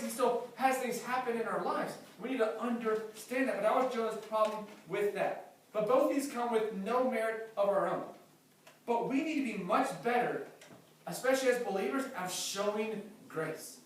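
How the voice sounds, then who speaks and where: Emphatic male pastor, high voice, preaching from afar in a very echoey church hall. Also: slight background noise. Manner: emphatic preaching, repeats key phrases. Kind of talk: sermon. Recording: very echoey hall, mic far off.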